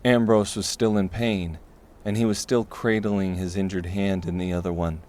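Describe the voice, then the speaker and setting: A man narrating a dark fantasy audiobook in a steady, measured way. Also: deep voice.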